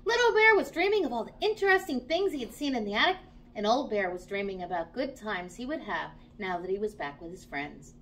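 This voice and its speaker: A woman reading a children's story aloud, in an animated, expressive way. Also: medium pitch, brisk.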